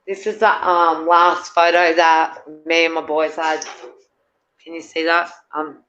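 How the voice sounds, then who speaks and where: A woman's voice: low-pitched, level tone, a little slow, a bit bright, lo-fi sound, a little hiss or hum. A middle-aged woman, a guest in a casual chat, rambling and hesitant with many fillers and restarts.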